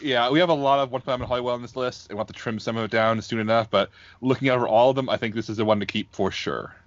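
Male podcast host, eager casual chat; middle pitch, dry, dull lo-fi sound. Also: steady tone, racing.

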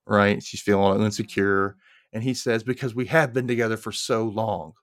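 A podcast co-host recaps a TV episode in casual conversation, joking around, quoting characters in put-on voices, and laughing often in an animated way. His voice is fairly low in pitch at a moderate pace, with no echo.

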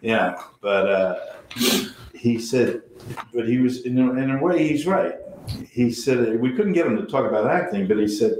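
A man's voice: mid-range voice, lively intonation, moderate pace. An older man, a stage actor and playwright, telling rambling anecdotes in a casual interview. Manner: rambling storyteller, frequent restarts. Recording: roomy recording with faint noise.

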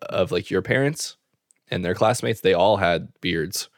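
A man's voice: low-pitched, measured pace, no room sound, clean studio sound. A man co-hosting a casual podcast, rambling loosely with lots of fillers and restarts. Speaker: podcast co-host. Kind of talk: casual chat.

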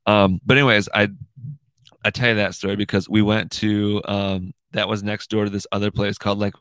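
A man's voice: fairly low pitch, flat delivery, a little fast, a bit bright, clean tone, no echo. A young man hosting his own show from home, rambling casually and swearing a lot, tacking "dude" and "right?" onto his sentences. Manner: profane, rambling, ends lines with "dude" and "right?". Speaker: podcast host. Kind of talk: casual monologue. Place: room in his house.

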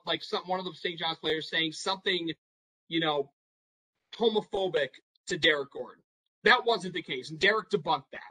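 Bright, animated young man telling a story. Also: high voice, rough recording. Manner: animated, rambling with many fillers, acts out quotes. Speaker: podcast guest storyteller. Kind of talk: casual storytelling.

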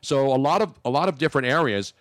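A man with a Philadelphia accent co-hosting talk radio. He rambles through opinionated, jokey banter at a middle pitch. The studio sound is dry and close. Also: animated, fast talker, no room sound. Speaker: radio show co-host.

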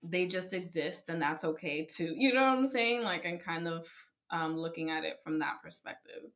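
A young woman speaks in a reflective, supportive way, with soft murmurs of agreement while she listens. Her voice is fairly low but very bright and sharp in tone. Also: expressive, moderate pace. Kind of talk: casual chat.

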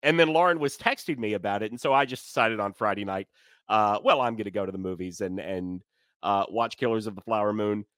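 A man co-hosting a casual sports podcast, chatting conversationally and trailing off softly at the ends of his phrases. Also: fairly low pitch, a little fast, no echo, studio quality. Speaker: podcast co-host.

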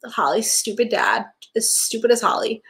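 A woman's voice: on the high side, steady tone, moderate pace, creaky, a bit bright. A young woman co-hosting a podcast, chatting casually about a TV episode, full of "like" and acting out characters' lines. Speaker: podcast co-host. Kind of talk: casual chat recapping a TV episode.

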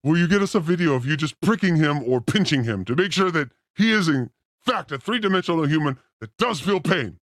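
A man's voice: a little high, lively intonation, brisk, hardly any pauses, dry recording, clean studio sound. A man co-hosting a livestream, teasing his co-host with mock outrage in casual banter. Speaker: co-host of a streamed show.

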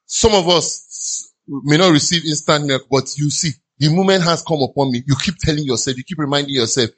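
Man, Nigerian accent, pastor, animated sermon, bright somewhat high voice, church. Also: fairly quick. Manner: animated preaching, mimics sighing listeners.

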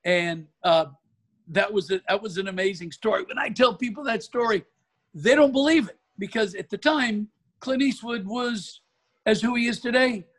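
An older man from Oregon tells a lively golf story as an interview guest, his voice sitting notably high for a man. He talks in an animated, storytelling way, building each anecdote. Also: moderate pace. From Oregon, USA.

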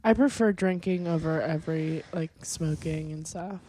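A young woman co-hosting a podcast, chatting casually about a reality show with quick reactions. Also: sits low, warm tone, a little hiss or hum, rough recording. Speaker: podcast co-host.

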